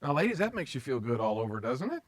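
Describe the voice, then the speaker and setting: A man's voice: mid-range voice, sing-song, quick pace, poor audio. A man preaching a conversational sermon, mixing joking asides with acted-out paraphrases of scripture.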